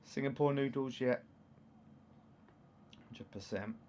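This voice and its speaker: A man in his thirties with an East London accent, hosting a football watchalong in casual chat, reading out comments and erupting into loud shouts at chances. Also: medium pitch, slow pace, a little hiss or hum. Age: 30s. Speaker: livestream host.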